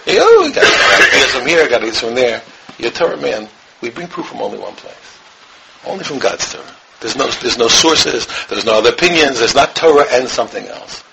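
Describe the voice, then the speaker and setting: Fast, bright-voiced rabbi teaching. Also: male voice, mid-range voice, gravelly, slight background noise, rough recording. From United States. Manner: emphatic, repeats phrases, swings between loud and hushed. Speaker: rabbi teaching a Torah class. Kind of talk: impassioned Torah lesson.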